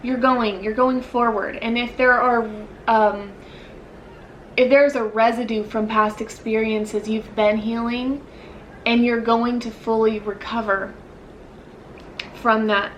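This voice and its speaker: A woman's voice: fairly high pitch, little pitch movement, slow, muffled recording, slight background noise. A woman giving a casual pick-a-card tarot reading, rambling and searching for words with lots of fillers, yawning now and then. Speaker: tarot reader.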